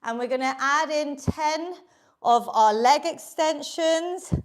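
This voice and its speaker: Speaking slowly in a high pitch, a British-accented fitness instructor coaches a live online class from her home workout space. She stays upbeat and supportive, a bit out of breath as she counts down the reps.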